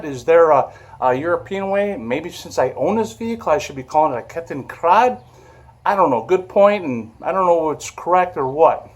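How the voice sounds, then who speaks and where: A man, hosting a casual vlog and talking in a rambling, hesitant way with many fillers. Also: on the high side. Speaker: vlog host, vehicle restorer. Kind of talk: casual chat.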